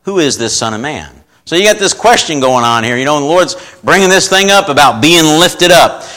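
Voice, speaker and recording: Folksy male preacher, slightly high, tense bright tone, scripture reading and questions to the congregation. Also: lively intonation, a little fast, low-quality recording. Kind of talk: informal sermon with scripture reading.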